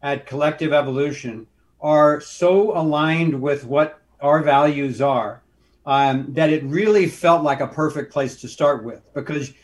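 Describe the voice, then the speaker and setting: A man who is a guest filmmaker, speaking in an earnest, measured, appreciative way in an interview. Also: fairly high pitch. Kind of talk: conversational interview.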